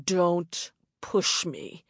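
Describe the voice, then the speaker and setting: A woman voicing a calm, menacing man who threatens in a slow, low growl in a storybook reading. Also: breathy edge, no room sound, studio quality, heavily acted. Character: menacing adult male attacker, calm and cold.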